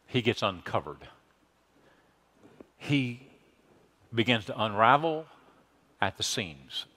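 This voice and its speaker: A man preaching a sermon as pastor, emphatic, swinging from hushed lines to loud exclamations. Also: mid-range voice, expressive, takes it slowly.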